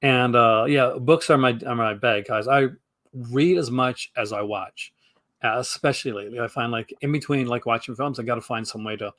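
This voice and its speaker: A Canadian man talks as a guest on a live stream, eager and rambling, full of "uh" and "like" and false starts. His voice sits at an ordinary middle pitch. The sound is dry and close, with no room around it. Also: normal speed, a bit bright, dry recording. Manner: enthusiastic, rambling with many fillers and restarts. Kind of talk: casual chat.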